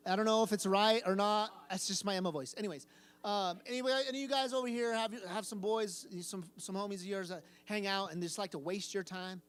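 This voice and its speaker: A man's voice: sits high, brisk, a bit bright, a little hiss or hum. Male youth pastor, conversational sermon, questions to the crowd, repeated phrases for emphasis. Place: room with a live youth audience.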